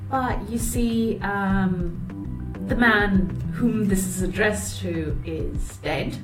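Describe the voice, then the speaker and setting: Slow, deliberate woman playing a tabletop game. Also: medium pitch. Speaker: player. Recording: roomy, distant mic with music.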